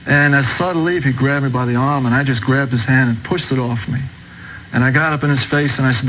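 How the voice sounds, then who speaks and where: A man's voice: mid-range voice, fairly even intonation, quick pace, fairly bright tone, a little hiss or hum, low-quality recording. A man with a Brooklyn New York accent telling his life story as a dramatic testimony, acting out tense confrontations. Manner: intense, acts out tense confrontations. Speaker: testimony speaker.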